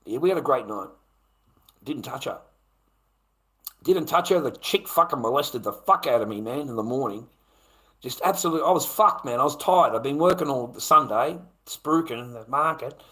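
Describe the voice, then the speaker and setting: A man's voice: medium pitch, expressive, normal speed, pushed and bright, low-quality recording. A middle-aged man with an Australian accent, ranting crudely and at length on a livestream, swearing constantly and tagging his lines with "mate". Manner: crude, profane, rambling, keeps tagging "mate". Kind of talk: rambling monologue on a livestream.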